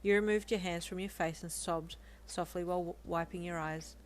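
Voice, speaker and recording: Calm woman narrating a second-person story. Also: on the low side, normal speed. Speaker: fan fiction reader.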